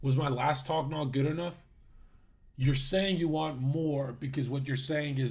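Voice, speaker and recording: Slow, higher-voiced ranting male streamer. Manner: crude, mocking, swings between loud ranting and muttered asides. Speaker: livestreamer. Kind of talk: ranting livestream monologue.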